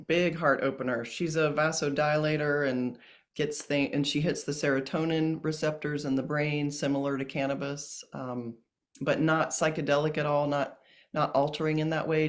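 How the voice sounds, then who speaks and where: A man speaking as a guest in a casual interview about ceremonies, gentle and earnest, with many pauses and restarts. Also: a little high, flat delivery. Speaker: plant medicine ceremonialist guest.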